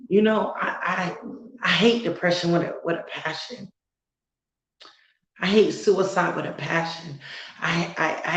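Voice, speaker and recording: A woman content creator speaking earnestly and emotionally on a live stream, halting as she talks. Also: fairly low pitch, echoey room, low-quality recording. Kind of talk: heartfelt live-stream talk.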